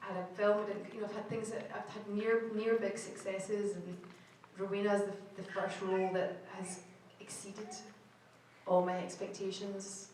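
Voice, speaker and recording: A woman's voice: medium pitch, level tone, moderate pace, a little mellow, slight background noise. Scottish woman, convention panel guest, chatty and laughing, caught far off by an audience camera in a big echoing hall. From Scotland. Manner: chatty, laughing, restarts her sentences often. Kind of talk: casual panel answers to fans. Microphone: camera in the audience, far from the stage. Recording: echoey hall recorded from far off.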